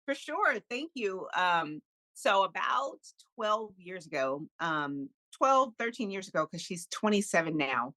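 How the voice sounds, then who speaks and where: A middle-aged woman, a podcast guest, telling a personal story in an animated, candid way with frequent laughs. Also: mid-range voice, a little slow, dry recording, poor audio. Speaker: podcast guest, kindness speaker. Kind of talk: casual storytelling interview.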